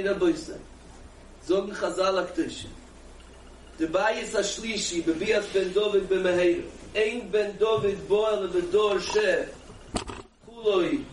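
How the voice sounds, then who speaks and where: A man, a rabbi, giving an animated Torah lecture, asking rhetorical questions and answering them himself with emphatic repetition. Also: high-pitched, a little slow. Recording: echoey room from a distance with faint background noise.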